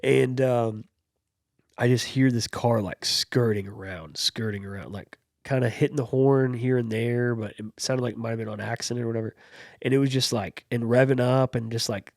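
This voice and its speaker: A man's voice: mid-range voice, steady tone, normal speed, dry recording. A man co-hosting a podcast, telling a story in casual chat with lots of fillers and restarts, close to his mic. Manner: rambling, full of fillers and restarts. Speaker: podcast co-host.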